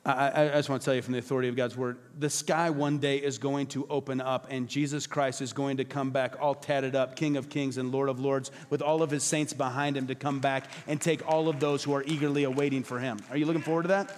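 A man preaching a passionate sermon as pastor, emphatic and repetitive, at times dropping to soft, low tones. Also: flat delivery, fast talker, hardly any pauses, in a large hall, a little hiss or hum. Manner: acts out quoted voices, drops to soft low tones. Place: church hall.

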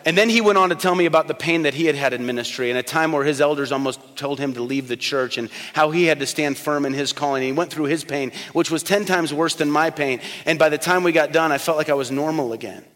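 High-voiced man preaching in a reverberant hall. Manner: storytelling, swings from soft and slow to loud and emphatic. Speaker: pastor. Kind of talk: sermon.

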